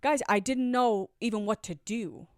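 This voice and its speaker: A woman in her forties telling her own story earnestly, swinging from loud urgency to hushed asides. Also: a little high, a little slow, no echo, studio quality. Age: 40s. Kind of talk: confessional storytelling.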